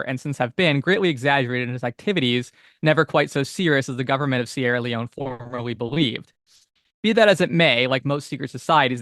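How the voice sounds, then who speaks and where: A man's voice: medium pitch, a bit bright, no room sound. Dry-miked male podcast co-host. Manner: reads old text steadily, chats with many fillers. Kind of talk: casual chat, reading passages aloud.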